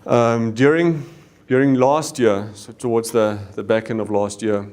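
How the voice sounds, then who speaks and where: A man's voice: medium pitch, fairly even intonation, a little slow, darkish tone. A middle-aged South African man, a company CEO, candidly telling a personal story to staff and acting out the dialogue. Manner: candid storyteller, acts out dialogue, Afrikaans exclamations. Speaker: company CEO giving a talk.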